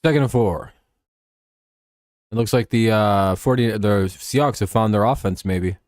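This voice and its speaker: A man's voice: on the low side, unhurried, darkish tone, no room sound, studio quality. A sleepy man hosting a live stream, rambling, joking and swearing as he calls a football game. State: tired and yawning. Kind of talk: casual game watch-along commentary.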